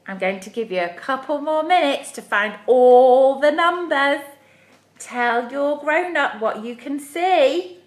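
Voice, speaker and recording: Animated sing-song woman leading kids' activity. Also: a little high, a little slow, echoey room. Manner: animated, sing-song, encouraging, talks to young children. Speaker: children's activity leader. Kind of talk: live interactive kids' playalong. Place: home room, livestream.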